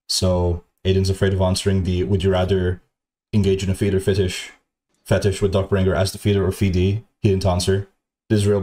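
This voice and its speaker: A man's voice: deep voice, a little mellow. A man streaming to his chat, telling a story in a casual, profane, rambling way, stammering through restarts and swearing a lot.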